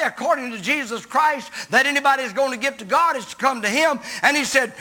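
A man's voice: very high voice, bright, forceful tone. A man preaching a sermon, telling a story in a folksy, emphatic way.

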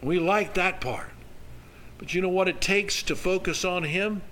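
An older pastor preaches a sermon in a folksy storytelling manner. His fairly high voice climbs on the emphatic points. A faint hiss of noise sits under the recording. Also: a little slow, bright, forceful tone, rough recording.

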